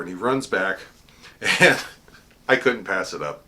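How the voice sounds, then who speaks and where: A man's voice: animated, slow pace, bright, forceful tone. A middle-aged man, a court herald, chatting casually about an event, with fillers and restarts. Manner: booming formal proclamation when quoting court cries. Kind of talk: casual storytelling monologue.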